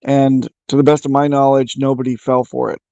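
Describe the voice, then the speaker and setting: A man's voice: mid-range voice, flat delivery, a little fast, vocal fry, mellow, dry recording, lo-fi sound. A man talking in a casual online voice chat, making his case at length and restarting his sentences as he goes. His voice is dry and close to the mic, with no room sound around it. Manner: opinionated, explains at length with restarts.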